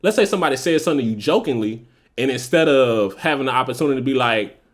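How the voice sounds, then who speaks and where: A man's voice: mid-range voice, animated, quick pace. A young man co-hosting a podcast, talking loosely in profane slang and acting out quoted voices. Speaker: podcast co-host. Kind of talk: casual podcast chat.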